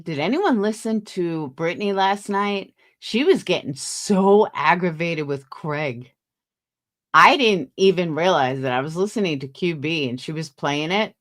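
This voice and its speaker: A woman hosting a casual livestream, tired and yawning, gossiping and greeting viewers by name. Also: fairly low pitch. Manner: chatty, gossipy, reads out viewer names. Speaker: livestream host. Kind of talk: casual chat with live viewers.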